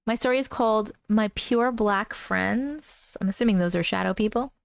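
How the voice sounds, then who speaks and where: A woman's voice: mid-range voice, normal speed, creaky, no room sound, clean studio sound. A woman hosting a casual livestream at home, reading viewer comments aloud, easily spooked and laughing often. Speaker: host reading viewer stories. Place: home room.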